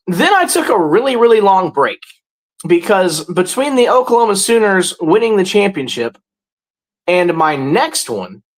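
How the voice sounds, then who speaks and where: A man in his forties hosting a casual livestream, greeting viewers and chatting about sports, often jumping into loud, high bursts. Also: rough recording. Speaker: livestream host.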